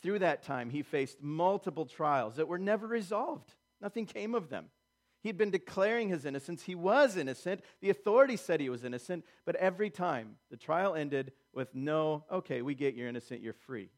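A male pastor delivering a sermon with a somewhat higher-pitched voice. He jumps into voiced quotations and hammers points home with repetition. His delivery swings between soft asides and forceful declarations. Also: lively intonation, normal speed. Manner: preaching with dramatic voiced quotes and emphatic repetition.

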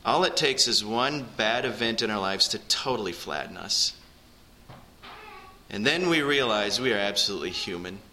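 A man preaching in a church, his voice very bright and ringing. He speaks earnestly and directly to the people in front of him, lifting his pitch and volume to press home each point. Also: animated, normal speed, a little hiss or hum, low-quality recording. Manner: earnest, rises in pitch and volume for emphasis, addresses the congregation directly. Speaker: pastor. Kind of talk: sermon.

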